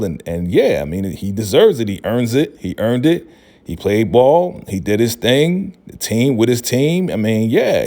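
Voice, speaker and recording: A man's voice: medium pitch, warm tone. A man recapping a TV episode in a chatty, laughing way, often tagging lines with "right?". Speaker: show recap vlogger.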